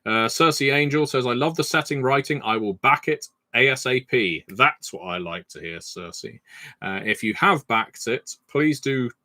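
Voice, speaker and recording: A man's voice: mid-range voice, moderate pace, bright, forceful tone, dry recording. A man hosting a casual livestream Q&A, reading viewer comments and telling anecdotes with lots of fillers. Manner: chatty, anecdotal, frequent filler "uh". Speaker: game designer hosting a livestream Q&A.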